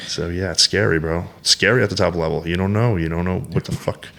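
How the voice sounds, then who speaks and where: A low-voiced man in his thirties speaks as a podcast guest, opening up bluntly and swearing freely. He talks in emphatic bursts, circling back with restarts and fillers. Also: fairly even intonation, quick pace, gravelly, a bit bright. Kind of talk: candid podcast conversation.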